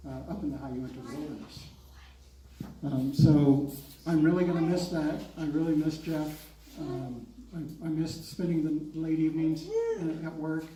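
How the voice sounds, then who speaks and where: Halting man with a dark, flat voice. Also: fairly high pitch, a little hiss or hum. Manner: halting and hesitant. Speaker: coworker giving a eulogy. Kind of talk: memorial tribute speech. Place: memorial service hall. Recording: echoey hall, distant mic.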